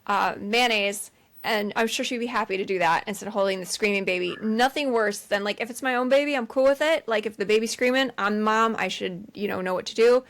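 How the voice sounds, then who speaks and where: A woman's voice: medium pitch, brisk. A woman co-hosting a film podcast, a mother, chatting casually and acting out lines from scenes. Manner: animated retelling with voiced quotes. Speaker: podcast co-host. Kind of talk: casual chat.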